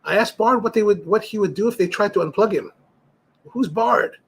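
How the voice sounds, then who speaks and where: This is a middle-aged cigar livestream host whose high-pitched, husky voice moves at normal speed. Rambling and storytelling, he reads viewer comments in casual chat full of restarts and fillers.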